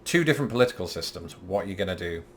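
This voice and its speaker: A man's voice: low voice, expressive, very fast, very noisy. A man with a British accent, hosting a scripted explainer vlog from his apartment in a playful, self-mocking way. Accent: British English. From Britain. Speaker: YouTube host.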